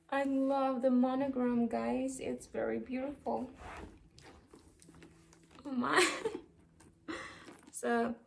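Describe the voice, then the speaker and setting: A woman from the Philippines filming a casual unboxing vlog, gushing with excited exclamations. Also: on the high side, creaky, slight background noise. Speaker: vlogger.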